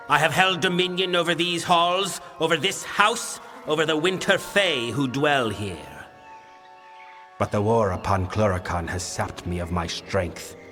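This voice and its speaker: A man's voice: mid-range voice, sharp tone. An actor playing a weary ancient winter fae king in a video game, speaking in a grave, formal, commanding way. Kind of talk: video game character dialogue. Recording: long reverb with game music.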